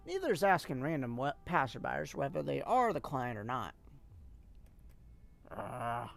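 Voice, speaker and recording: A streamer reading a game's narration aloud on a live stream, unhurried and expressive, with casual asides. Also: medium pitch, vocal fry.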